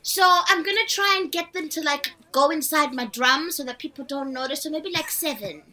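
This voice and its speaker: High-voiced woman playing a tabletop game. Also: brisk, pushed and bright. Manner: hesitant, playful. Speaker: player.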